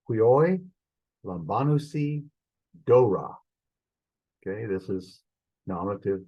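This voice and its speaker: A man teaching an online beginners' Greek lesson, halting and thinking aloud, saying the Greek words slowly. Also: lowish voice, big pitch swings, slightly rough, muffled recording. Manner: halting, thinking aloud while fumbling with screen sharing. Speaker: Greek instructor.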